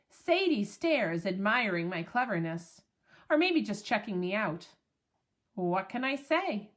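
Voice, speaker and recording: A woman narrating a children's storybook in an expressive, playful way. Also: on the high side. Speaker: audiobook narrator.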